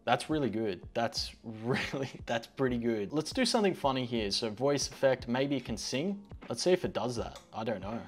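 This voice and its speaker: A man's voice: mid-range voice, animated, normal speed, few pauses, faint music behind. Chatty man demoing tech tools. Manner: chatty, easily amused. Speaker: host. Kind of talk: tech demo tutorial.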